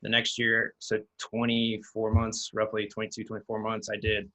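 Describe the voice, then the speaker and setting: A man speaking as an interview guest, calm and matter-of-fact as he tells his story. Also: lowish voice, normal speed, rough recording. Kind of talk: casual interview chat.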